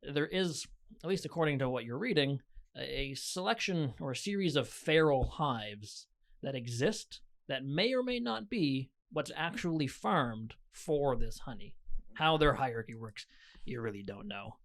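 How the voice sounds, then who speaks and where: A man narrating as game master, describing scenes in a relaxed, lightly joking way. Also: medium pitch, normal speed.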